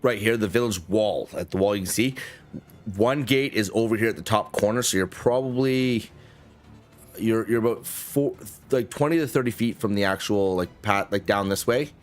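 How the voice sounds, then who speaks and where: A man's voice: lowish voice, moderate pace, soft background music. A man narrating as game master of a tabletop game, casual and rambling, often restarting mid-sentence and swearing.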